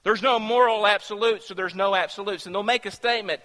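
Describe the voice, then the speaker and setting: Male pastor, high bright voice, talks with the congregation, sermon in a big echoing hall. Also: fairly even intonation, fast. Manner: conversational, asks the congregation questions, many restarts.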